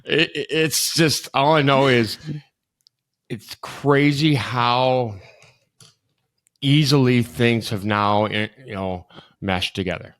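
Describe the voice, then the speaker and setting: Man, podcast co-host, relaxed rambling chat, mid pitch. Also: slow pace, pauses often. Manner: rambling, many fillers and restarts. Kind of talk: casual conversational chat.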